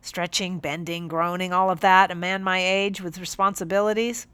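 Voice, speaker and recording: A woman's voice: fairly low pitch, fairly even intonation, moderate pace, a bit bright, smooth, no room sound, lightly acted. A woman voicing a defensive middle-aged male police captain who makes pompous excuses, in a storybook reading. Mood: sheepish.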